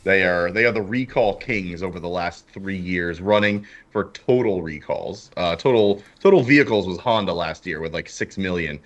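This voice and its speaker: A man with a very low, deep voice hosts a relaxed car-talk podcast. He is sick, so his tone is husky yet still smooth, like a radio voice. He talks easygoing and loose, chuckling between thoughts. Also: moderate pace, few pauses, lo-fi sound. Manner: laid-back, chuckling, many fillers. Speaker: podcast host. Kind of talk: casual chat.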